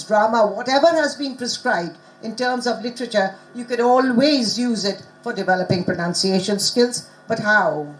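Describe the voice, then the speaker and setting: A woman's voice: on the high side, slight background noise, poor audio. A middle-aged woman presenting at a conference, teaching in an interactive way and quizzing the audience.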